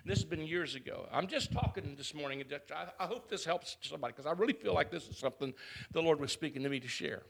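A man's voice: on the high side, lively intonation, quick pace, vocal fry, a little hiss or hum. A middle-aged man preaching a personal, emotional sermon as pastor, talking openly to his congregation. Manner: confessional, emotional, building to loud preaching.

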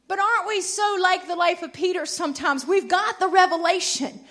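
A woman preaching a sermon, building from conversational storytelling to loud emphatic declarations. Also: very high voice, normal speed, few pauses.

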